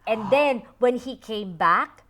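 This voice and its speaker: A woman's voice: on the high side, lively intonation, takes it slowly, a bit bright, a little hiss or hum. A woman from the Philippines co-hosting a podcast, chatting casually and rambling with lots of "like" and "you know". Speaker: podcast co-host. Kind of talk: casual chat.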